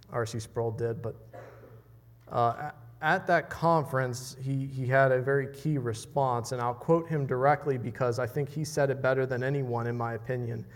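A man preaching a sermon in a conversational way, often repeating words as he restarts. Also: medium pitch.

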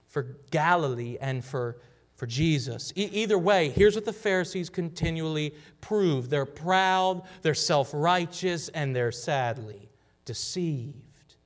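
A man preaching a sermon, emphatic, repeating phrases for weight and sometimes dropping to a whisper. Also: a little high. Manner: emphatic, drops to a whisper for quoted words; repeats and restarts phrases while building emphasis. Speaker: pastor. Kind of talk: expository sermon.

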